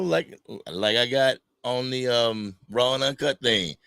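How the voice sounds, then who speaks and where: A man's voice: medium pitch, a little slow, no room sound. A man hosting an unscripted fan livestream, talking casually and greeting viewers from the chat. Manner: casual, animated, reads chat names aloud. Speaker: livestream host.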